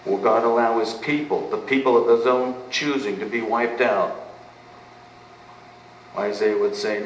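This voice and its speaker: In the middle of a sermon, a pastor with a somewhat low voice speaks in a steady, unhurried tone with long pauses. He emphatically drives points home by asking rhetorical questions and answering them. A distant mic captures him in a reverberant church, with a faint hiss underneath.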